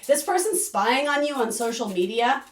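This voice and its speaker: A woman's voice: sits high, animated, moderate pace, recorded from a distance, slight background noise. A woman giving a casual, rambling tarot reading to camera, full of asides and fillers. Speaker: tarot reader. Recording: echoey room, voice a bit off-mic.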